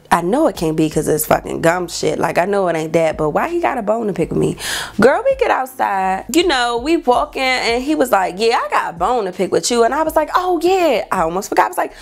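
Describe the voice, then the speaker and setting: A young woman, telling a dating story vlog and acting out quotes in a high voice. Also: creaky. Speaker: vlogger.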